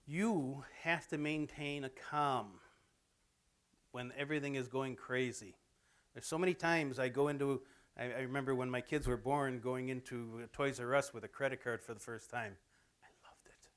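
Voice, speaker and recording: A man's voice: mid-range voice, fairly even intonation, normal speed, fairly bright tone. Plainspoken middle-aged man giving a talk. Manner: plainspoken, anecdotal, conversational. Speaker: presenter at a campus talk. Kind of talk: informal lecture to students. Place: college theatre, in front of an audience.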